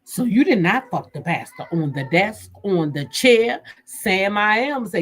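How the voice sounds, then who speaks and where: Husky woman in a loose, salty chat. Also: measured pace, hardly any pauses. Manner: animated, acts out quotes with jumps in pitch, swears freely. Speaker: vlogger. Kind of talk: casual storytelling chat.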